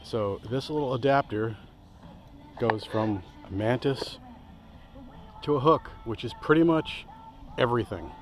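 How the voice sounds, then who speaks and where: An outdoor gear reviewer shows his hammock setup among trees in a casual vlog, rambling with enthusiasm and interrupting himself often. His medium-pitched voice is unhurried, with long pauses. The recording is rough.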